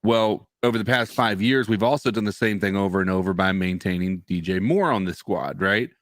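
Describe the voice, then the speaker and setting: A man co-hosting a sports podcast, laying out his argument in a measured, reasoned way. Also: lowish voice, no echo, studio quality. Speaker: podcast co-host. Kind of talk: casual sports chat.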